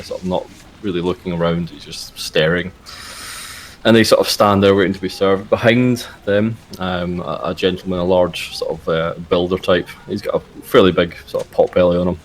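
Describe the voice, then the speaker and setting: A man as game master narrating a tabletop game, relaxed with many fillers. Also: deep voice, a little hiss or hum.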